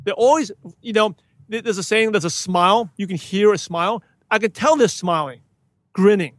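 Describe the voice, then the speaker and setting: A man as a guest in a casual interview, talking enthusiastically and acting out greetings with animated emphasis. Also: high-pitched, moderate pace, dry recording. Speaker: podcast guest, podcaster.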